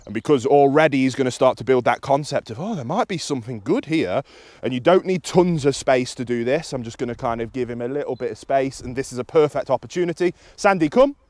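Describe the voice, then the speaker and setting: A British man with an everyday middle pitch talks through dog training in a calm, instructive way. His voice is dry and close, with little room sound around it. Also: fast talker, few pauses, no room sound. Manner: calm and instructive, with high excited praise to the dog. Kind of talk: explaining to camera while training outdoors.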